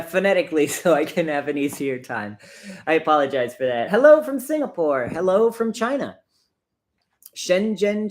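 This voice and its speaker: Man, livestream host, casual and chatty, laughs easily, mid pitch. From United States. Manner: chatty, self-deprecating, laughs often. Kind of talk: casual livestream chat while brewing coffee.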